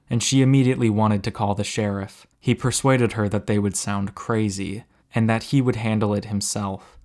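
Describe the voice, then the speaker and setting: A man narrating a story aloud in a steady, measured way, slowing down for suspense. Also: on the low side.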